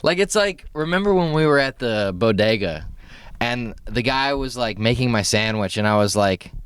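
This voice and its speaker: A man's voice: mid-range voice, lively intonation, normal speed, a bit bright, clear, resonant tone, no room sound. A man co-hosting a podcast, joking around and riffing in a casual, laughing way. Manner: joking, riffs with silly bits, laughs a lot. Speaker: podcast co-host. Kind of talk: casual chat.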